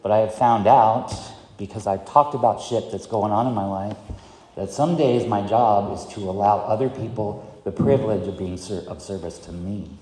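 A man's voice: fairly low pitch, moderate pace, a little mellow, roomy sound, long reverb tail. A middle-aged man giving a candid, self-mocking personal testimony at a recovery meeting, chuckling often as he talks. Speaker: speaker sharing at a recovery meeting.

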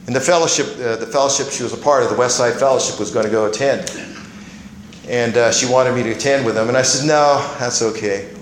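A man's voice: medium pitch, fast talker, roomy sound, a little hiss or hum, low-quality recording. A middle-aged man sharing his personal testimony at a recovery meeting, rambling as a storyteller with many fillers and restarts.

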